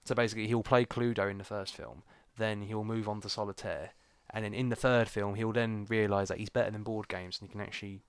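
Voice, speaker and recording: A man's voice: lowish voice, fairly even intonation, fairly quick, few pauses, clean tone, no echo. Wry man reading news. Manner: wry, sarcastic asides. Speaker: podcast co-host. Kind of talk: casual chat, reading an article aloud.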